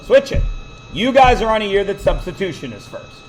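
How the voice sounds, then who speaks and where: High-voiced man teaching a math class. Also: sing-song, slight background noise, rough recording. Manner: jokey, quizzing students with quick questions. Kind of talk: classroom lecture.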